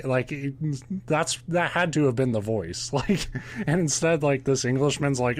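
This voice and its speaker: A male podcast host telling a ghost story in loose, casual chat. He is openly sarcastic and swears freely, breaking off to laugh at how absurd the story is. His pitch sits in an ordinary middle range for a man. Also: normal speed. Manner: sarcastic, profane, laughs often.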